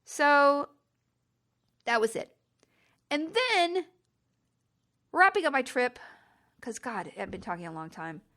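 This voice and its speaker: A middle-aged woman hosting a podcast, telling a travel story in a chatty, exasperated way and jumping up in pitch for emphasis. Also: sing-song, slow pace, pauses often, pushed and bright. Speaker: podcast host. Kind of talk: casual storytelling monologue.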